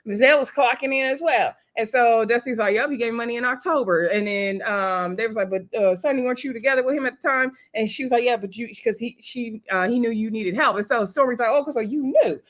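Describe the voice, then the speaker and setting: A woman's voice: fairly high pitch, fast talker, hardly any pauses, fairly bright tone. A woman recapping a reality TV episode in casual, chatty commentary, retelling scenes with quoted lines and sassy asides.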